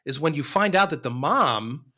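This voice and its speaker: A man's voice: a little high, lively intonation, moderate pace, bright, forceful tone. A man on a film podcast, reflective and casual, trailing off with fillers.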